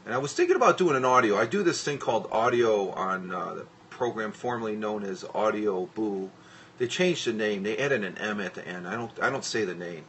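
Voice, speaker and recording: A man's voice: lowish voice, expressive, brisk, a bit bright, a little hiss or hum. A middle-aged man from the northeastern US chatting casually on a live stream from his home computer desk, rambling with lots of fillers and restarts. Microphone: tablet microphone.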